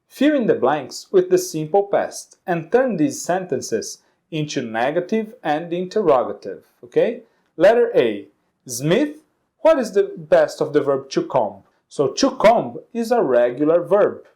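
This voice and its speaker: Slow, lively Brazilian teacher, mellow voice. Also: male voice, a little high. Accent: Brazilian Portuguese. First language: Portuguese. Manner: repeats answers slowly, checks in with "okay?". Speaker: English teacher. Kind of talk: classroom grammar lesson.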